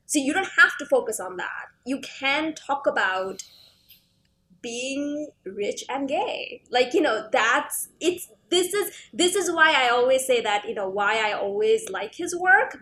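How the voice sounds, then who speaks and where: Rambling woman co-host, slightly high voice. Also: fairly bright tone. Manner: rambling, many fillers like "like" and "you know". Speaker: podcast co-host. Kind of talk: casual chat about comics.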